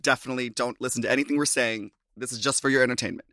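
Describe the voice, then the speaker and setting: Talking rapid-fire over background noise, a medium-pitched man from Minnesota, USA, hosts a casual podcast chat. He's chatty, laughs frequently, and drops in animated asides.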